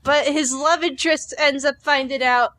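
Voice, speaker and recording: A woman's voice: high voice, steady tone, moderate pace, fairly bright tone. A woman co-hosting a comedy podcast, rambling through an idea with lots of "like" and little acted-out voices. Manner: rambling, filler-heavy, acts out characters. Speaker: podcast co-host. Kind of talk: casual comedic chat.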